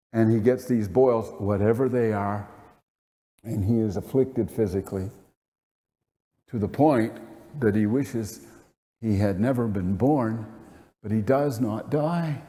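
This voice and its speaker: A man's voice: medium pitch, dark tone. A man preaching a sermon as pastor, earnest and emphatic, asking rhetorical questions. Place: church sanctuary. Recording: long hall reverb.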